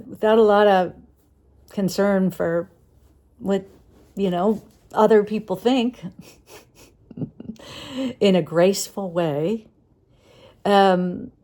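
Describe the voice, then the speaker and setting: A woman musing aloud in a reflective vlog monologue, hesitant, with many pauses and fillers. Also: on the low side, vocal fry, warm tone. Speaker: vlogger.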